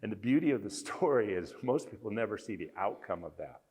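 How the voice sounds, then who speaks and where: Low-voiced man telling a story in a hall. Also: lively intonation, brisk, a little mellow, slightly rough. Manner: earnest storytelling, retelling scenes with emphasis. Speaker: conference speaker. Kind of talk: storytelling talk.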